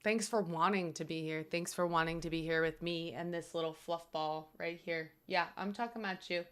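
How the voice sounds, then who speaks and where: A woman's voice: lowish voice, steady tone, moderate pace, a bit bright, clean tone. A young woman streaming from home, talking to her chat in an earnest, grateful, rambling way with many fillers.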